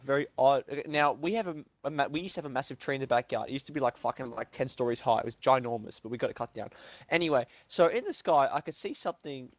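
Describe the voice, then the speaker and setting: A young man telling an animated story in casual chat, swearing often and acting out what people said. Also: medium pitch. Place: home room.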